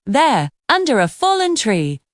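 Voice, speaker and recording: A woman narrating a children's cartoon story with expressive, storytelling delivery. Her voice sits a little high and moves lively up and down. The sound is dry and close. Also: measured pace, dry recording.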